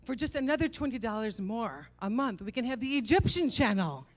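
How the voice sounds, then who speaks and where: A woman's voice: on the high side, sing-song, a little fast. A woman voicing her eager Egyptian husband in a light put-on Middle Eastern accent, coaxing like a salesman.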